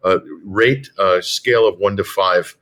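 A male host with a very deep voice speaks to his guest and listeners. He talks in a halting way, teasing with a joke. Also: fairly bright tone. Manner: halting, joking. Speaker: show host. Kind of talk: conversational discussion.

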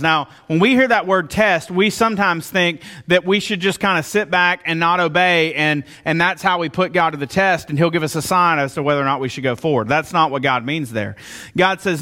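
Male pastor, slightly high voice, conversational sermon with asides. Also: brisk. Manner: conversational, animated retelling with asides.

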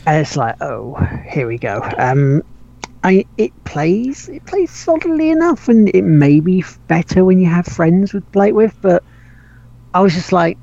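A man chats loosely as a podcast host, tripping over restarts, laughing and dropping casual swears. His voice sits a little high for a man. The audio is dull and lo-fi. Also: expressive, moderate pace, gravelly, warm tone. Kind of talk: casual gaming chat.

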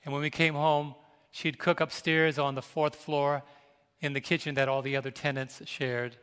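An older male pastor from New York shares a tender family memory from the pulpit, his voice sitting a little high for a man. He reaches out to the congregation as he speaks, and his sermon rings through a large hall with a long, lingering reverb. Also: flat delivery, moderate pace, fairly bright tone, smooth. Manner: personal, emotional, calls out to the congregation. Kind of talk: storytelling sermon.

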